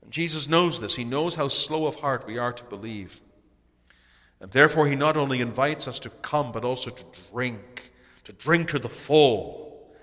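A man preaching a sermon in an earnest way, his voice swelling to loud cries on key phrases. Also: mid-range voice, normal speed. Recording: long hall reverb.

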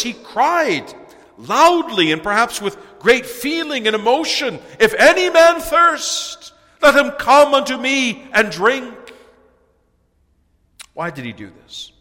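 A man delivers a sermon with earnest urgency, his somewhat high voice bright and forceful. He swells into loud cries on key phrases. A long reverb trails every word, as in a large church hall. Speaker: preacher.

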